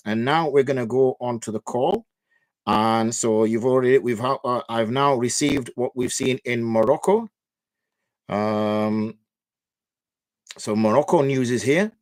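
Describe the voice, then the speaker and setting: A man's voice: mid-range voice, no echo, clean studio sound. A man hosting a religious question-and-answer livestream, talking loosely and thinking aloud with many fillers. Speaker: mufti hosting Q&A. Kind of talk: casual livestream talk.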